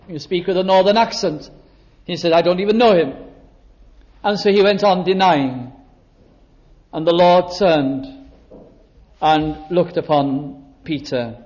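A man preaching a sermon with slow, emphatic phrasing, pausing for effect and reading scripture aloud. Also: sits high, darkish tone. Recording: dull lo-fi recording.

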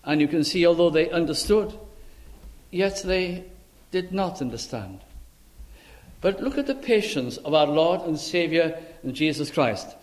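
A man preaching a sermon in a dramatic way, swinging between loud emphasis and hushed, quiet lines. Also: a little high, animated, unhurried.

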